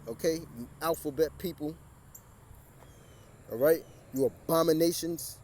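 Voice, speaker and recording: Beside a busy street, with cars passing, a man preaches and reads scripture outdoors. His fairly high, darkish voice is a little slow, and he repeats himself, stumbles into restarts, and raises his voice over the traffic.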